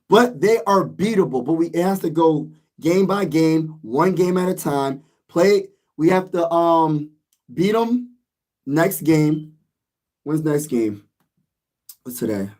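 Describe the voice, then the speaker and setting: A man ranting to his viewers as a sports vlogger, excitable and repetitive, his voice hoarse from screaming. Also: high-pitched. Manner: excitable, repeats himself, talks straight to viewers. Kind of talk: casual fan rant to viewers.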